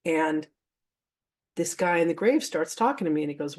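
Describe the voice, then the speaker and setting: A woman's voice: deep voice, fairly quick, a little mellow. Woman running a spiritual class, super casual and frank, laughs a lot, tells her own stories. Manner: chatty and candid, laughs often, swears offhandedly; addresses the audience directly. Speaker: spiritual teacher leading a masterclass. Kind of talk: casual teaching mixed with personal storytelling.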